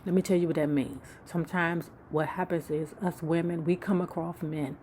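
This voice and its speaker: A woman's voice: lowish voice, fairly even intonation, moderate pace, mellow, a little hiss or hum. A woman host telling celebrity gossip in a casual, sassy, profane way, with mocking asides. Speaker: YouTube book club host.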